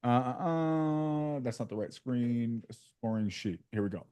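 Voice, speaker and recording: A man's voice: medium pitch, a little slow, warm tone, clear, resonant tone, no room sound. A man hosting a sales community on a video call, joking and slangy with lots of fillers. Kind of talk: casual coaching chat on a video call.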